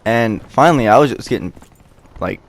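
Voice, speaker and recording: A man's voice: mid-range voice, animated, normal speed, a little hiss or hum. A young man vlogger telling a rambling, profane, self-mocking story in casual chat.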